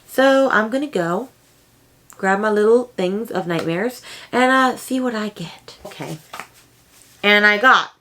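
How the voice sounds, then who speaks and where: Young woman book vlogger, casual and excitable, quick high reactions. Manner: chatty and excitable, with sudden high exclamations. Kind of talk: casual chat.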